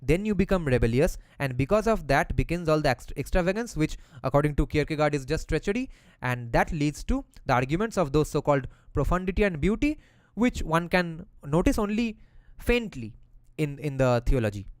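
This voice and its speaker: Man, reads passages then explains them, casual slangy teaching, smooth resonant voice. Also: fairly high pitch, sing-song, a little fast, no room sound. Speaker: lecturer explaining a philosophy text.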